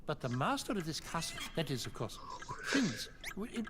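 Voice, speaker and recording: A man's voice: fairly high pitch, sing-song, normal speed. A man voicing a fussy, uptight male clock servant in a game, prim and easily flustered. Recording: faint game audio under loud noise.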